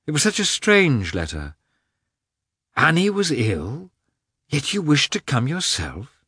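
A man voicing a guarded, weary aristocratic officer in an audiobook, speaking in a measured, placating way. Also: fairly high pitch, huge pitch swings, fairly bright tone, slightly rough, dry recording, clean studio sound, voice pushed up, full character voice. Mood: defensive.

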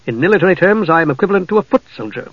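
A narrator plays a young mage who argues with an edge of bitterness, his voice often dropping low and subdued. The storybook reading sounds dull and lo-fi, dry and close. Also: lively intonation, very fast, no room sound. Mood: bitter, wary. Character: young male mage, proud yet bitter.

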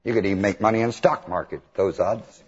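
A man preaching a sermon, telling the story with animated mimicry and chuckles. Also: fairly low pitch, fast talker, a little hiss or hum. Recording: dull old hall recording.

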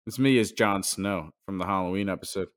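Lowish voiced guy on a betting podcast, brash and jokey. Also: a little fast. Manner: brash, teasing banter. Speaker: podcast co-host. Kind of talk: casual sports betting chat.

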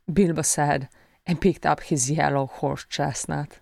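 Low-voiced woman reading a storybook, slow and measured, dry sound. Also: fairly even intonation, creaky, darkish tone, dry recording. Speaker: audiobook reader. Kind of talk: fan fiction audiobook narration.

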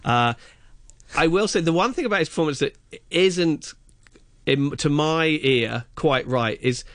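A man's voice: on the high side, animated, unhurried, a bit bright, no echo, clean studio sound. A man chatting on radio as a film reviewer, enthusiastic and rambling, with many fillers and restarts. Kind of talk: casual radio chat.

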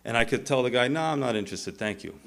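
A man's voice: medium pitch, fast, vocal fry. A middle-aged male pastor preaching a sermon, telling stories and acting out the characters' voices. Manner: animated storytelling, acting out voices.

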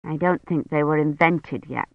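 A woman reading a tired young woman who keeps her voice low and soft. The tone sits a little low, the sound slightly muffled and dry. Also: moderate pace, gravelly, no room sound. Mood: quiet, weary. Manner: soft, subdued. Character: young woman historian, weary and quiet. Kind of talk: audiobook reading. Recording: muffled dry studio recording.

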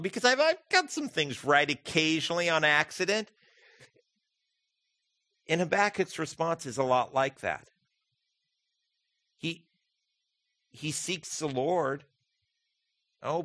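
A man's voice: fairly high pitch, sharp tone, no echo. A man preaching a conversational sermon as pastor, often asking his listeners direct questions. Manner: conversational, asks the congregation questions.

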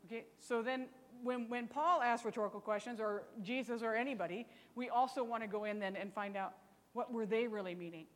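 A woman's voice: a little high, a little fast, long reverb tail. A woman teaching a Bible study lesson in a chatty, teasing way, often asking rhetorical questions.

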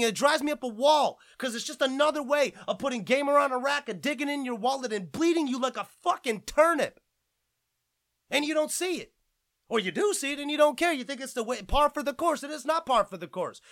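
A man's voice: extremely high pitch, animated, normal speed, pushed and bright, no echo. A man hosting a gaming podcast, ranting with lots of swearing and fired-up outbursts. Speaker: podcast host.

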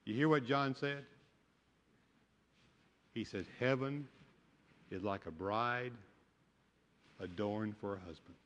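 A man's voice: lowish voice, slow pace, pauses often, highs cut off. An older man, a pastor, preaching a sermon with folksy storytelling and humor. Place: church sanctuary. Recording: long church hall reverb.

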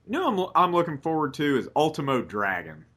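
A man's voice: on the high side, sing-song, brisk, bright, forceful tone. A man co-hosting a casual podcast, chatting over an old wrestling match, laughing often and swearing casually. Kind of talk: casual chat, watch-along commentary.

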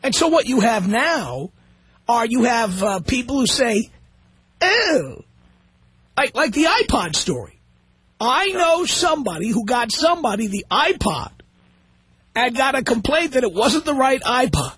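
A combative man hosts a call-in radio show and argues with a blunt, provocative edge. His husky voice swings widely in pitch. The studio sound is dry and close. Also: big pitch swings, moderate pace, a bit bright, no echo. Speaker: radio talk show host. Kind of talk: opinionated radio talk. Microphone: studio microphone.

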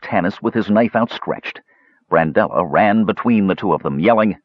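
A man narrating a fantasy audiobook in a dramatic, expressive reading. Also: sits low, normal speed, no room sound, highs cut off.

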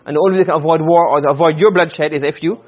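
A man teaching Arabic grammar to a class, asking questions and answering them himself, and reciting verses slowly. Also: on the high side, fairly even intonation, muffled recording. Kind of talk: classroom lecture.

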